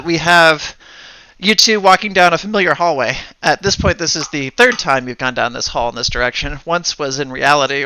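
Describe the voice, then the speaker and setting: Guy running a tabletop game, bright voice, stops and starts a lot, dry sound. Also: on the high side, clear, resonant tone, no echo. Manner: halting, thinking aloud. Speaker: game master.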